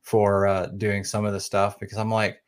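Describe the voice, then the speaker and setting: A man's voice: fairly low pitch, completely flat delivery, normal speed, smooth. A man from Oklahoma with a slight Oklahoma accent, a podcast guest chatting casually and rambling with many fillers and restarts. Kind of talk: casual interview chat.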